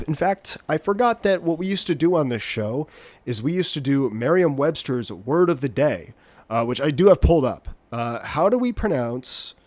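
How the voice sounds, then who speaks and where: A man's voice: fairly high pitch, lively intonation, normal speed, darkish tone, no room sound. A man hosting a solo podcast while getting over a cold, congested and nasally, rambling and joking at his own expense. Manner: rambling, jokey, self-deprecating. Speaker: podcast host.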